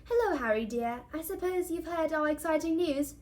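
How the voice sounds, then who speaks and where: A woman reading aloud as a strict, proud mother with a sharp, scolding way of speaking. She has a fairly high voice and snaps at her children. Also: moderate pace, a little hiss or hum, lightly acted. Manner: scolding, snapping.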